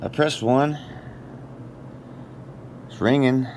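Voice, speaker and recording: A man baits phone scammers with crude, cheerfully absurd rambling. His pitch sits right in the middle of the range, and a faint hiss of noise runs under his voice. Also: fairly even intonation, extremely slow, darkish tone. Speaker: prank caller baiting scammers. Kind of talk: casual phone prank banter.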